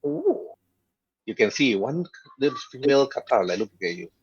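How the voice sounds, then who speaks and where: A man narrating as game master of a tabletop game, with quick put-on voices for side characters. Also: medium pitch, sing-song, husky. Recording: dull lo-fi voice chat audio.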